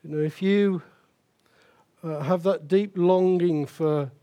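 A man's voice: a little high, steady tone, slow pace, dark tone. An older man preaching a sermon as pastor, emphatic and repeating key phrases for stress.

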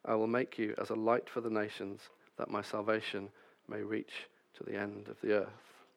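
Male preacher, lowish voice, scripture reading mixed with wry asides. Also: completely flat delivery, normal speed, vocal fry. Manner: reads scripture then preaches with self-deprecating asides. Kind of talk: sermon.

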